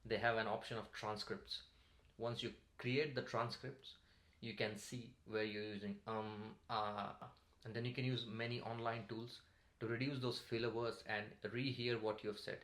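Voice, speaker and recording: Man, English speaking coach, calm explanatory tutorial, lowish voice, echoey room. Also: moderate pace. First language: Marathi. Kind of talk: tutorial talk to camera. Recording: roomy echo.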